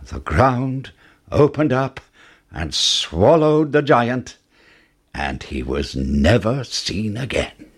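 Slow, expressive male storyteller. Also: slightly rough. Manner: expressive, with wide swings in pitch. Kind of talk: reading a fairy tale aloud.

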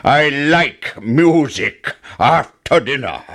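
Man doing a slow, booming storybook giant. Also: expressive, a bit bright, heavily acted. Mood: demanding. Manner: slow, drawn-out booming threats. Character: huge menacing male giant, greedy and gruff.

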